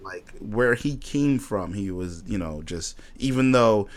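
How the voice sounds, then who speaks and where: A man's voice: fairly low pitch, expressive, a little slow. A man co-hosting a casual chat about a TV show, laughing often and talking with many fillers and restarts. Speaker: podcast co-host.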